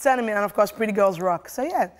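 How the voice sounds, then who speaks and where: A woman co-hosting a casual entertainment chat show, playful and quick with banter, often laughing as she reads out celebrity birthdays. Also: medium pitch, expressive. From Nigeria. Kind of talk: casual studio chat reading birthday shout-outs.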